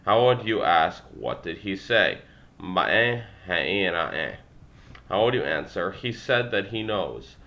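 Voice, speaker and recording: In a self-recorded study session, a young man whose first language is English reads textbook exercises aloud and answers them, adding wry comments. His voice is deep, gravelly, bright and forceful, sing-song and slow.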